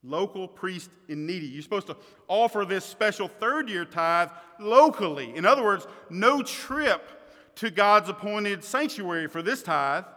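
A man preaching a sermon as pastor, emphatic, swinging between loud stresses and quiet asides. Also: high voice, animated, a little slow. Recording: long reverb of a hall.

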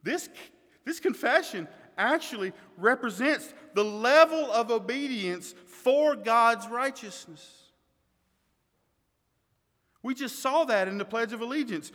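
A man preaching a sermon as pastor, emphatic, swinging between loud stresses and quiet asides. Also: very high voice, expressive, slow. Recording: long reverb of a hall.

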